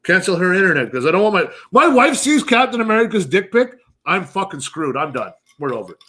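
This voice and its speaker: A man in his thirties co-hosting a podcast, ranting loudly with constant swearing and mock outrage. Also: high voice, big pitch swings, fairly quick. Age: 30s. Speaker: podcast co-host. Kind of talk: profane comedic rant.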